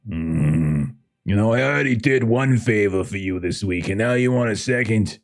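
A man's voice: fairly low pitch, animated, normal speed. A man doing a brash, sleazy magazine editor. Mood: needling. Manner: gruff, needling, mocking.

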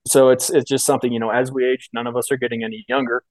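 A man's voice: mid-range voice, flat delivery, rapid-fire, no echo. Podcast co-host guy rambling casually, lots of "like" and "you know", dry close mic. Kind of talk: casual chat.

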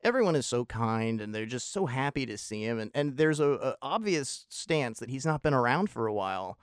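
A man's voice: mid-range voice, animated, moderate pace, clean tone, no echo, studio quality. A man casually reviewing a film on his show, opinionated and rambling, with wry self-deprecating asides.

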